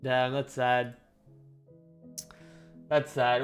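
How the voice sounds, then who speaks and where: A man's voice: mid-range voice, fairly even intonation, unhurried, pauses often, soft background music. A man hosting a live stock trading stream with a slight lisp, talking casually and thinking aloud as he goes through levels, often correcting himself. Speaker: stock trading livestream host. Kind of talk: casual live market recap.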